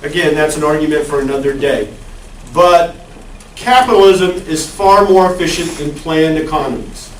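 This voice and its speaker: A man's voice: a little high, steady tone, moderate pace, hardly any pauses, slight background noise. A male college lecturer giving a conversational classroom lecture and asking the class questions. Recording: echoey classroom, far from the mic.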